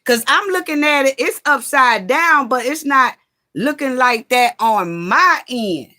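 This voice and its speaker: Woman host, slow and easygoing, greets her viewers by name. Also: high-pitched, expressive, sharp tone. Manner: chatty, greets viewers by name, fiddles with phone setup. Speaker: livestream host. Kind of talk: casual livestream chat. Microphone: phone.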